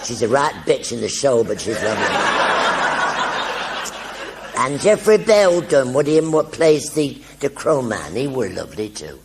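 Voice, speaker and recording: A man's voice: medium pitch, very animated, unhurried, background noise, pitched above the performer's own voice. An older man voicing a cheerful, simple-minded male scarecrow, talking in broad dialect in a homely, chatty way. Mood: fond, chatty.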